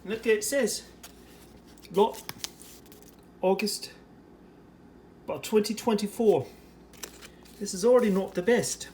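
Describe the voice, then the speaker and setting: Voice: mid-range voice, takes it slowly, long pauses, warm tone, slight background noise. An American reviewer in a put-on British accent, giving a chatty running commentary while preparing and tasting ration food in a casual food vlog. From United States.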